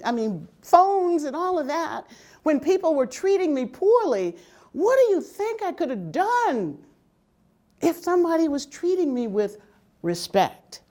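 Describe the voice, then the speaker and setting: An older woman telling stories from her working life, humorous and lively, often laughing. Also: high-pitched. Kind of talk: personal storytelling talk.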